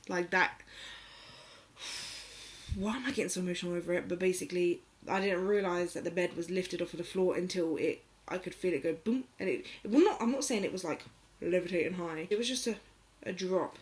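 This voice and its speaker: A woman's voice: fairly low pitch, brisk. Woman telling a spooky story, rambling. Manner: rambling, filler-heavy, emotional retelling. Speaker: vlogger. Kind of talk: casual storytelling.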